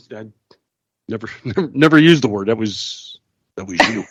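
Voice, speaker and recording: A man's voice: fairly low pitch, lively intonation, normal speed, pauses often, background noise. A man hosting a casual radio talk show, sarcastic and laughing often as he mocks other people's voices. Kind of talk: casual chat.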